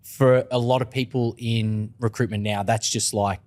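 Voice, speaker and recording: A man's voice: mid-range voice, steady tone, moderate pace, darkish tone. Man co-hosting a casual podcast. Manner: casual and friendly, asks questions, says mate. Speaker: podcast co-host. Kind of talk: podcast interview.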